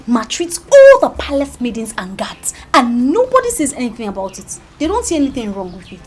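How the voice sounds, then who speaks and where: A woman's voice: on the high side, huge pitch swings, brisk, husky, heavily acted. An actress with a Nigerian accent playing a resentful young woman who vows revenge. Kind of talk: film drama acting.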